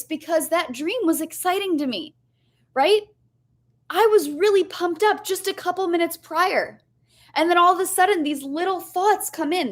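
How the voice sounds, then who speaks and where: A young woman coach giving a candid, chatty motivational lesson, often asking "right?" and swearing casually. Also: sits high. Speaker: life coach.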